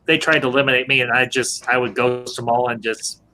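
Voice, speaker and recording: A man's voice: medium pitch, little pitch movement, brisk, pushed and bright. A man hosting a casual live-stream review chat, joking around, laughing often and greeting viewers.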